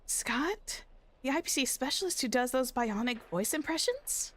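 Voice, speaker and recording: A woman's voice: sits high, expressive, moderate pace, fairly bright tone. A young woman streaming a game, chatting playfully and giggling while she reads the story text aloud. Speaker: VTuber streamer. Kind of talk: casual game-stream chat, reading dialogue aloud.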